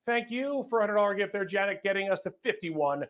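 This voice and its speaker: High-voiced upbeat fundraiser emcee man. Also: quick pace. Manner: energetic, upbeat announcing of donors; stumbles over names. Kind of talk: live fundraising appeal.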